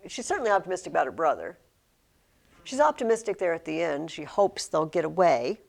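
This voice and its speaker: A woman teaching a high school literature class, asking questions and acting out lines from the book. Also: a little fast, vocal fry. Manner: animated, asks questions, acts out quotes.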